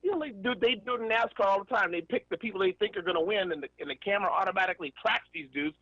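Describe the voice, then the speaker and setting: A man co-hosting a radio talk show who explains things in a folksy, easygoing manner. His voice is high and bright, close and dry. The broadcast has a dull, muffled sound. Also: very fast, slightly rough, no room sound. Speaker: radio co-host.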